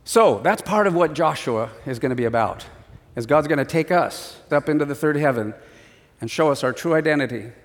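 A man preaching a sermon as pastor, animated, acting out little voices in his stories. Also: a little high, brisk, in a large hall.

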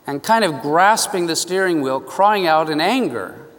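Man preaching in a big echoey church, high voice, earnest storytelling, repeats himself. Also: expressive, measured pace, fairly bright tone. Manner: earnest, emphatic storytelling with repetitions. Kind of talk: sermon with storytelling.

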